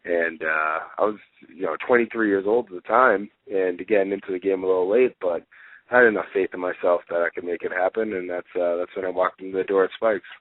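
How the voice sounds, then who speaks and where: A man in his twenties, a guest on a radio talk show, telling stories in a relaxed way with lots of fillers. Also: sits low, fairly quick, no echo. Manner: relaxed storytelling, many fillers, laughs easily. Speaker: guest wrestler. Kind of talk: casual interview. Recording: dry, tinny phone line.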